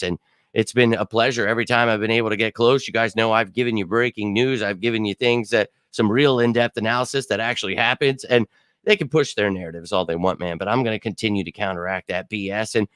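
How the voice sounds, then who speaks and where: A man's voice: medium pitch, brisk, a bit bright, clean tone, no echo. A man in the middle of his range, talking straight into a dry, close mic with no room around him. He hosts a loose live-stream football show, rambling on with plenty of fillers and exasperated asides. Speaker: sports podcast host. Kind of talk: casual live-stream commentary.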